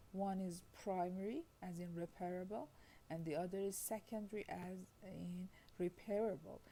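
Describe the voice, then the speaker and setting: A woman's voice: mid-range voice, dark tone, a little hiss or hum, low-quality recording. A woman giving a linguistics lecture, reading from slides at a careful pace and often adding "I mean" and "you see" as she explains. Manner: reads slowly, repeats "I mean" and "you see", stretches out example words.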